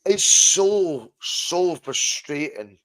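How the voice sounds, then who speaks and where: A man co-hosting a football podcast over a video call, talking in an animated way and swearing freely. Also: on the high side, extremely slow, no echo. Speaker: podcast co-host.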